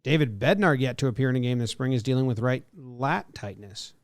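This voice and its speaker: A man's voice: mid-range voice, brisk, no room sound. Man, podcast co-host, reads news then riffs, dry close mic. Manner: reads news items aloud, then jokes and comments. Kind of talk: casual sports podcast chat.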